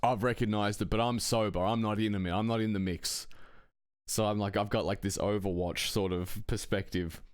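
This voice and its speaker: Smooth low-voiced rambling male storyteller. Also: fairly even intonation, normal speed, no echo, studio quality. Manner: rambling, profane, chuckling between phrases. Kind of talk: casual anecdote telling.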